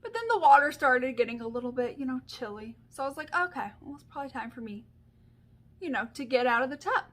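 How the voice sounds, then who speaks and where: A woman's voice: high-pitched, lively intonation, fast talker, a bit bright. A woman in her thirties telling a story to her viewers in a casual, chatty vlog, full of fillers and asides. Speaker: beauty vlogger.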